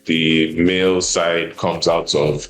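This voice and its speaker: A man's voice: sits low, slow pace, roomy sound, soft background music, rough recording. A man with a Nigerian accent, a podcast guest talking openly and with feeling in a candid conversation. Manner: open, animated, mimics others' voices.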